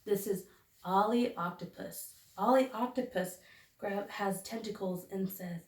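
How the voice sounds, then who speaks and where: A woman teacher leading a phonics lesson for young children, sounding out each letter slowly and deliberately. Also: medium pitch, expressive. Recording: echoey room, recorded from a distance.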